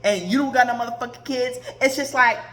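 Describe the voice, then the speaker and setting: A woman's voice: fairly high pitch, fairly quick, a bit bright, faint music behind. A woman hosting a podcast, ranting in a blunt, profane casual monologue. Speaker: podcast host. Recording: roomy echoey recording.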